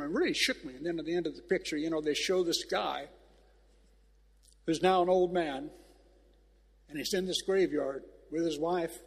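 A man preaches loosely in an old church, drifting through a story with restarts and open emotion. His voice sits a little high and sounds husky. A long reverb trails behind him from the hall. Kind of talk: informal sermon.

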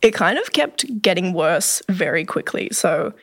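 A young woman in casual podcast chat, talking fast and loosely, often saying "like" and acting out quotes. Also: lowish voice, very animated, gravelly, slightly rough. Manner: chatty, heavy use of "like", acts out quotes.

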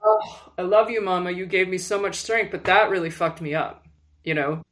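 A woman guest in an interview, telling personal stories in an animated way with lots of fillers and restarts. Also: fairly low pitch, moderate pace. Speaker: guest, music publicist. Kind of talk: candid personal storytelling.

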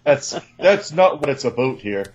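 A man's voice: medium pitch, expressive, normal speed, dull audio, slight background noise. A man co-hosting a casual interview, chatting in a conversational way. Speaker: co-host.

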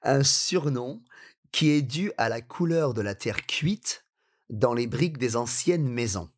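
A man with a French accent, co-hosting a language lesson, reading a text in chunks and asking quick questions. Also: mid-range voice, animated. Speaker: native-speaker co-host. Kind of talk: reading a text aloud and chatting.

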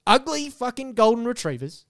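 A young man on a podcast, telling a story in casual banter with lots of swearing and animated, rambling energy. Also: very high voice, normal speed. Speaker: podcast co-host.

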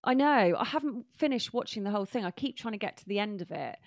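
Casting: chatty woman hosting a podcast, mid-pitched, close dry sound. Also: lively intonation, fast, no room sound. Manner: chatty, laughs often, many fillers. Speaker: podcast host. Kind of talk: casual chat.

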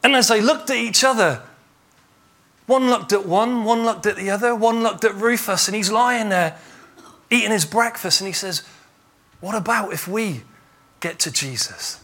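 A man preaching a sermon as pastor, retelling a story with lively acted-out dialogue. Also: sits high, normal speed. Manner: animated storytelling, acts out imagined dialogue.

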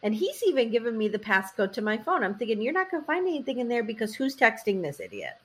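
This woman recaps a reality show on a casual podcast, telling it as a lively story. She acts out the quotes and says "like" a lot. Her voice sits a bit high. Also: fast talker, breathy edge. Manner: animated storytelling, acting out quotes, frequent "like". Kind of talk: casual chat.

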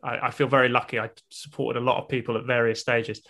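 A man's voice: mid-range voice, flat delivery, fast talker, pushed and bright. A man, a stand-up comedian, musing in casual chat with a self-deprecating manner.

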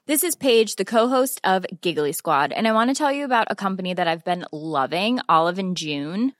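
A woman's voice: medium pitch, very animated, a little fast, no room sound, studio quality. A woman reading an enthusiastic scripted advertisement as a podcast co-host. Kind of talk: scripted ad read.

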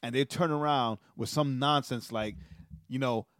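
A man co-hosting a casual podcast chat who talks in an animated, heated way and keeps adding "right?". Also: medium pitch, moderate pace, dry recording, clean studio sound. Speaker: podcast co-host.

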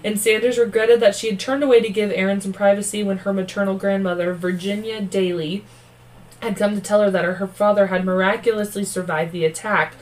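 A woman's voice: medium pitch, steady tone, a little fast, darkish tone, a little hiss or hum, low-quality recording. A woman co-hosting a true-crime podcast, reading the case aloud and breaking off with blunt, profane, snarky asides.

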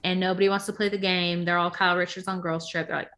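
This young woman co-hosts a podcast recapping reality TV, speaking quickly in a lowish, steady, slightly bright voice. She is chatty and gossipy and leans heavily on "like."

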